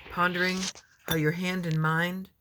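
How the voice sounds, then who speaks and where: Middle-aged woman poet, casual and rambling, reads her verse slowly and softly at home. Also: fairly low pitch, level tone, noisy background. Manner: chatty and rambling between poems, reads slowly and tenderly. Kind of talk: casual chat and reading her own poems aloud.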